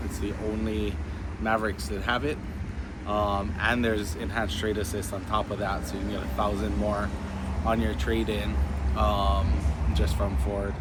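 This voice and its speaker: A young adult man with a stuffed-up, congested voice, giving a relaxed, chatty vlog update. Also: fairly low pitch. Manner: relaxed, chatty, many ums. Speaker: car salesman vlogger. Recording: background noise behind the voice.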